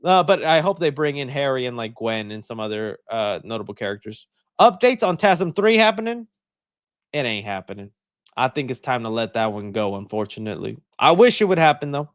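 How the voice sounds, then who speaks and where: A man hosting a live stream, reading out viewer comments and answering them in an animated, chatty way, thinking out loud. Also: mid-range voice, a little fast, clean tone, dry recording, clean studio sound. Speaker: host.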